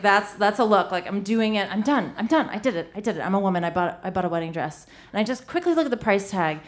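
A woman's voice: mid-range voice, background noise. Comic woman telling a story live. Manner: comic, self-deprecating, lots of "like".

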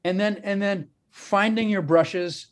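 A man hosting an interview over a video call, talking haltingly with many restarts and fillers. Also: high-pitched, fairly even intonation. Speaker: host. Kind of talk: casual interview chat.

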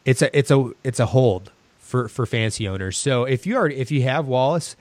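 A man co-hosting a fantasy basketball podcast, analytical with halting restarts. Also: mid-range voice, darkish tone, dry recording. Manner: hesitant restarts, then analytical. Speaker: podcast co-host. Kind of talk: casual fantasy sports chat.

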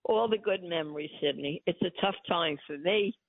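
A woman's voice: fairly low pitch, moderate pace, vocal fry, dry recording. An older woman calling in to her son's show, emphatic, gushing and pleading. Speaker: host's mother, phone-in guest. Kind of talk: casual phone chat. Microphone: telephone. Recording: tinny phone line.

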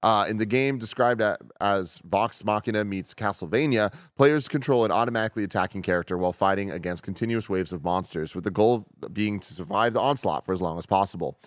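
A man's voice: lowish voice, a little fast, hardly any pauses, no room sound, studio quality. A man hosting a gaming news podcast, reading stories aloud and then joking with his guest in casual, swearing chat.

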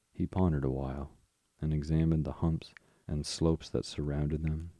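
A man narrates a bedtime story in a calm, even reading. His voice is very low and dark, with little movement in pitch. The sound is close and dry. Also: normal speed, no room sound. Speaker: podcast host and reader.

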